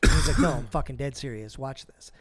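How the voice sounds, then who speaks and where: A man co-hosting a podcast, telling a long story in casual, profane chat and acting out the quotes with lively swings. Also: mid-range voice, fairly quick, crowd noise. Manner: animated, profane, acts out quotes. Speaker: podcast co-host.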